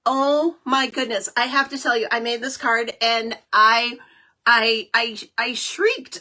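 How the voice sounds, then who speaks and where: A chatty, excitable middle-aged woman hosting a live card-making stream, with lots of fillers. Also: fairly high pitch, unhurried. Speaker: host of a live crafting show.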